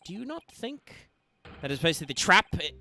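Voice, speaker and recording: A theatrical, grandiose gentleman detective with a put-on British accent, voiced by a man and read from a game. Every phrase is declaimed, bright and ringing, with a pitch that rises and falls widely. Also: sing-song, a little fast, soft background music, exaggerated voice. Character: pompous male Victorian detective, theatrical, grandiose. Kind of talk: reading game dialogue aloud.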